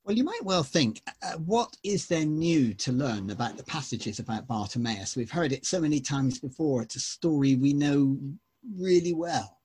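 Husky preacher. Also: male voice, on the high side, lively intonation, normal speed, a little mellow. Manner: conversational, with hesitant fillers. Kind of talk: Bible reading and sermon.

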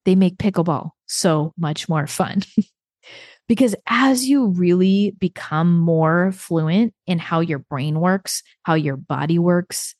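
A woman's voice: lowish voice, takes it slowly, no room sound. Chatty woman podcast host, dry close sound. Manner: chatty, laughs often, animated quoted dialogue. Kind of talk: casual solo podcast storytelling.

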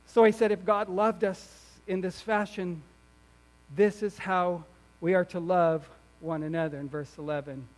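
High-voiced man preaching a sermon. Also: steady tone, measured pace. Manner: rises to emphatic near-shouting, drops to quiet asides; repeats words and restarts phrases. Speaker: pastor.

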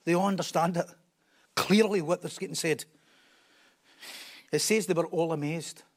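A man's voice: fairly high pitch, moderate pace. A man preaching a sermon, emphatic and repeating key phrases for stress.

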